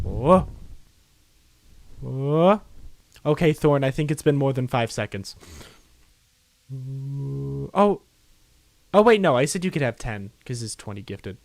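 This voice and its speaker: A man's voice: mid-range voice, lively intonation, measured pace, long pauses, a little hiss or hum. A man chatting casually on a game livestream, rambling and apologetic, sounding tired. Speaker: game streamer.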